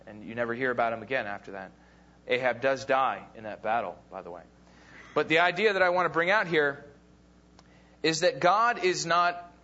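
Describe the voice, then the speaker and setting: A man's voice: medium pitch, sharp tone. A man teaching a Bible class, casually retelling a story with fillers and acting out the quoted lines. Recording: dull lo-fi recording.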